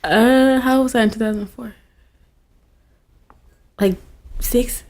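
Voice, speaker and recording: A woman's voice: a little high, steady tone, takes it slowly, darkish tone. A woman in her twenties, a podcast guest in casual chat, giggly and full of likes. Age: 20s. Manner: giggly, uses many likes.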